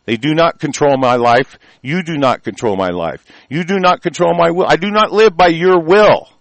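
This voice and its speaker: A man's voice: a little high, moderate pace, fairly bright tone, no room sound, poor audio. A man delivering a heated, rambling political rant, stumbling over words and filling gaps with "uh" and "you know", with occasional profanity.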